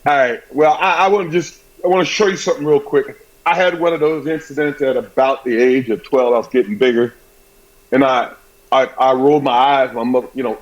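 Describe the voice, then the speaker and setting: A man hosting a sports talk show, chatting in an animated, fast way and sharing a childhood story. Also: medium pitch. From Southern US. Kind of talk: casual talk show chat. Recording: dull, lo-fi sound.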